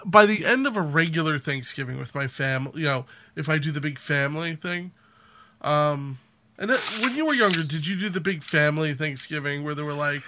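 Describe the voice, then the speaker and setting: A man's voice: on the high side, expressive, fairly quick, bright, forceful tone, slight background noise. A man hosting a podcast in casual chat, rambling and trailing off. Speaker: podcast host.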